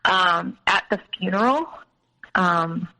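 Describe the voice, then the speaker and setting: Bright-voiced woman telling a story. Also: fairly low pitch, takes it slowly, rough recording. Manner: hesitant, many fillers and restarts. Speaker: guest. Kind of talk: personal story in a podcast interview.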